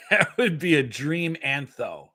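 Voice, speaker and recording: Slightly drunk and hosting a laid-back livestream, this man rambles through viewer comments, swearing and correcting himself as he goes. His voice sits a little high and sounds pushed and bright, very animated even though he takes things slowly.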